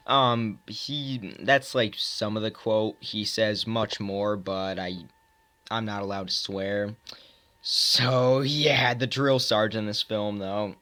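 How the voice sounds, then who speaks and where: A man's voice: lowish voice, slow, sharp tone. A young man casually reviewing films, rambling with many fillers and self-mocking asides. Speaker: movie reviewer.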